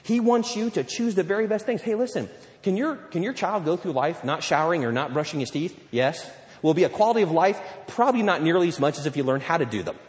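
A male pastor preaching a sermon, lively and conversational, acting out little scenes and quotes as he goes. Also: on the high side, quick pace. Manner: animated preaching with playful acted-out quotes. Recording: long hall reverb.

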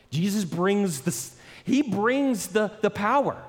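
Man, pastor preaching, animated, acts out voices, laughs often, fairly high voice, long hall reverb. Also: slow. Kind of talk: sermon.

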